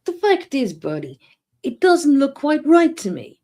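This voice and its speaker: A woman's voice: sits high, very animated, unhurried, a little mellow. A woman voicing a worried young male painter in a comic novel read aloud, pleading and fretful. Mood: anxious.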